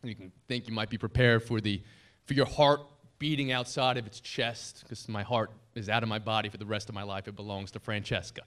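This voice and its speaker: A broadcaster in his thirties gives an anniversary dinner speech at a podium microphone in a banquet hall. His lowish, slightly bright voice moves briskly with fairly even intonation. He jokes at his own expense as a storyteller, yet his tribute is sincere, heartfelt and grateful.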